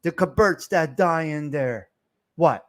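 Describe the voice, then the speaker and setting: A man's voice: a little high, slow pace. A middle-aged man, hosting a live stream and ranting in a heated, profane way while calling out to his chat. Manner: fired-up, profane, shouting out to chat.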